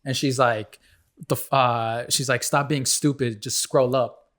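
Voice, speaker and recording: Regular guy on a podcast, middle pitch, laid back, swears a bunch. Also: fairly even intonation, measured pace, a bit bright. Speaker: podcast co-host. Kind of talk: casual chat.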